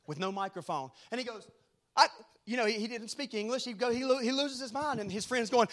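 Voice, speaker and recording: A middle-aged man preaching a rambling sermon, moving from hushed storytelling to shouted exhortation. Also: extremely high pitch, fairly quick.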